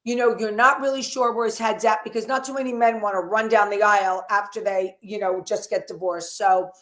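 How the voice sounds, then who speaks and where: A woman's voice: medium pitch, brisk. A woman co-hosting a casual gossip livestream, telling stories in detail and acting out what people said. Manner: lively storyteller, acting out quoted dialogue. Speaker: co-host. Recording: echoey room.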